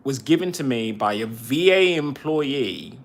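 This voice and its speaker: A man, a veteran podcaster, talking on a cell phone in a casual livestream monologue, halting and repeating phrases as he vents. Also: medium pitch, expressive.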